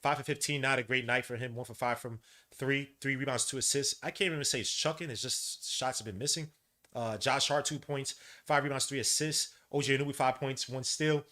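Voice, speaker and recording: A man hosting a podcast, giving live play-by-play commentary and stats with excitable, frustrated, slangy outbursts. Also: mid-range voice, brisk. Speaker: podcast host.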